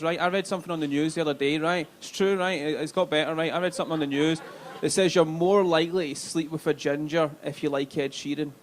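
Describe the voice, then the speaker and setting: A man with a Glaswegian Scottish accent doing a live stand-up set, chatty and sweary, checking in with the crowd. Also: a little high. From Scotland, Glasgow. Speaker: stand-up comedian. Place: comedy club stage.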